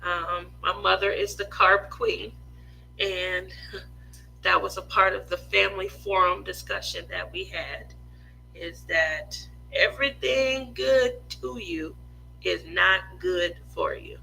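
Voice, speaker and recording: A woman in her forties talks slowly and openly to her craft viewers, drifting from thought to thought. Her voice is very bright and sharp, with a gravelly fry underneath. A faint hum sits behind her at home. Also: fairly low pitch, fairly even intonation, poor audio. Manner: rambling, open, full of "you know" and "um". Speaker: craft vlogger. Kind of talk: casual chat to viewers.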